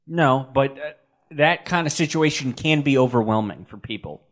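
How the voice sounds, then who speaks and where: A man's voice: mid-range voice, expressive, normal speed. A man co-hosting a podcast, in casual chat with teasing, joking banter. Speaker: podcast co-host.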